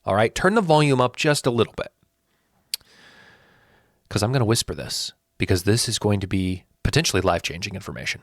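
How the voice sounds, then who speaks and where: Lively, defiant man in his thirties. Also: fairly low pitch, fairly quick, no room sound, studio quality. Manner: animated, teasing and defiant, talking straight to viewers. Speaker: sports channel host. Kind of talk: opinionated football rankings talk.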